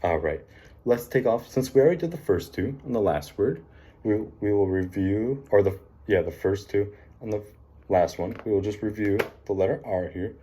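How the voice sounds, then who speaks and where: A man teaching a phonics lesson, encouraging the class and slowly sounding out letters, with frequent ums and likes. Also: on the low side, animated, dark tone, a little hiss or hum. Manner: frequent fillers like um and like.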